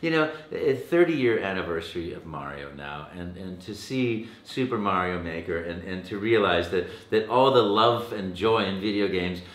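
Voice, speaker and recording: A man's voice: low-pitched, expressive, normal speed, hardly any pauses, fairly bright tone, echoey room. A middle-aged male voice actor telling stories in a playful, theatrical way during an interview. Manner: playful, theatrical, acts out quotes. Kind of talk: animated storytelling in interview.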